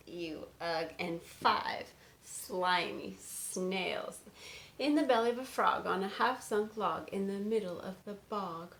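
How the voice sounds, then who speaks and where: A woman teacher reading a picture book aloud to children at home, with big swoops in pitch. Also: slow pace, creaky. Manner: expressive read-aloud with big pitch swings. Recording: roomy sound with faint noise.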